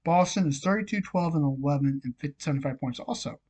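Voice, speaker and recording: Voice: mid-range voice, fast, a little mellow, slightly rough. A hockey vlogger with a frog in the throat and a nagging cough, casually running through scores, odds and picks with lots of fillers. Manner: chatty, many fillers, reads scores and odds. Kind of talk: casual sports picks rundown.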